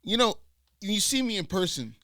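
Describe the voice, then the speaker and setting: A man's voice: high voice, big pitch swings, moderate pace, a bit bright, no room sound, studio quality. A man co-hosting a podcast in casual, profane banter over a video call, laughing often and drifting into playful sing-song. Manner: crude, laughing, playful mock-singing. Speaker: co-host. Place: dim room, on a video call.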